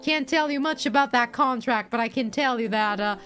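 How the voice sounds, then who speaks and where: A high, bright-voiced woman streaming to her viewers, chatting playfully. She laughs often and drops a curse here and there. Soft music plays faintly behind her. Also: a little fast. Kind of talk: casual chat with viewers.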